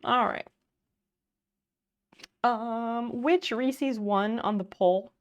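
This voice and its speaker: A woman's voice: a little high, extremely slow, muffled recording. A woman livestreamer chatting casually at home, thanking viewers by name while sewing.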